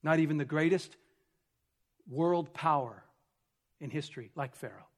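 Male pastor, high voice, teaching sermon, alternates forceful emphasis with soft hushed asides. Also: unhurried. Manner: swings from emphatic to hushed, near-whispered stress; teaching with rhetorical questions. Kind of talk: expository sermon.

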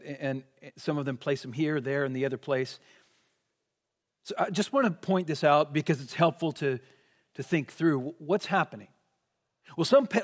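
Male preacher, high voice, measured and emphatic sermon delivery, reverberant church hall. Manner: emphatic, swings between raised and hushed delivery. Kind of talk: expository sermon. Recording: long reverb of a large hall.

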